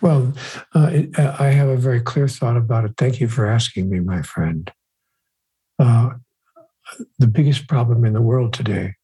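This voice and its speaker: An older man as a guest, speaking in a measured, emphatic storytelling manner. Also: mid-range voice, dark tone, breathy edge, rough recording. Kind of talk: reflective conversation.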